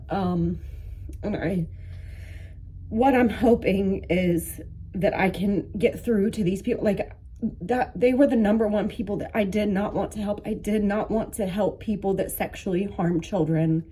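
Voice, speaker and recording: Emotional woman, halting personal monologue. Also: mid-range voice, mellow, husky. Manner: halting, emotional, many restarts and fillers. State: emotional, near tears. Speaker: vlogger, coaching.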